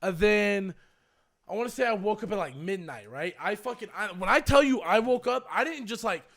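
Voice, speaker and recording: Young guy streamer, high gravelly voice, swears a lot, acts out every phone call in the story. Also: normal speed. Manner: animated, profane, acts out both sides of phone calls. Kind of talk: casual storytelling chat.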